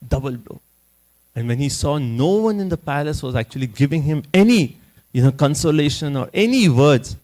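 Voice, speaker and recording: At a temple, a man with a mid-range voice teaches a scripture class, telling the story animatedly and frequently checking in with "you know" and "right?". The recording is low quality.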